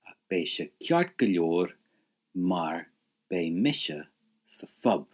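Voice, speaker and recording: A man's voice: low voice, sing-song, takes it slowly, breathy edge. A man teaching an audio language lesson, encouraging the listener and prompting them to repeat phrases.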